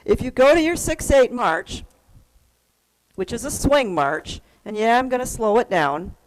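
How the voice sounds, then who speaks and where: A woman's voice: a little high, animated, unhurried. A woman teaching an online keyboard class, patiently explaining rhythm and counting beats aloud. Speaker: music teacher. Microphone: computer mic on a video call.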